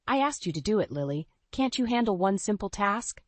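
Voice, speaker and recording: A woman's voice: lowish voice, expressive, a little fast, dry recording. A woman voicing a scornful angry husband. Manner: sneering, shouting. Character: angry contemptuous middle-aged husband.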